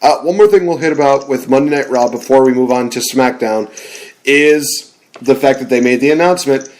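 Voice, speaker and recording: Excitable young man ranting about wrestling. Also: mid-range voice, fairly quick. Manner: excitable, rambling, laughs often. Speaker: podcast co-host. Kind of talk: casual wrestling chat.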